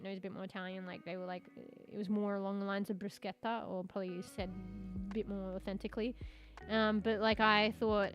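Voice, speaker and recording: Rambling, swearing Australian woman streamer. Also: medium pitch. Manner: rambling, swears casually, chuckles. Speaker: VTuber streamer. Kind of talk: casual live-stream chat.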